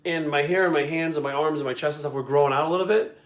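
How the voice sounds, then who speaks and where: Fast-talking profane male storyteller. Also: fairly high pitch, steady tone. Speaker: video creator and host. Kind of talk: casual storytelling chat. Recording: echoey room.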